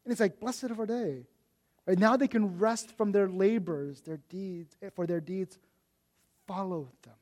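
Preaching in a conversational way, a high-voiced pastor talks a little slowly and keeps restarting. He becomes animated each time he acts out his own complaints.

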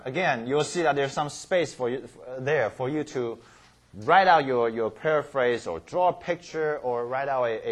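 A man teaching a Bible study class. His pitch moves a lot and rises and falls as he explains each step. His voice is a little husky, and he stumbles and restarts words while checking that the class follows. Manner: repeats key words, frequent "okay?" and "right?" check-ins.

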